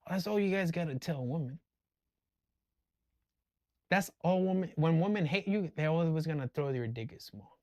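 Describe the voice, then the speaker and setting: Blunt, swearing man with a high voice. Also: moderate pace, pauses often, no room sound. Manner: blunt, profane, animated. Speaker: vlogger. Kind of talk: casual rant.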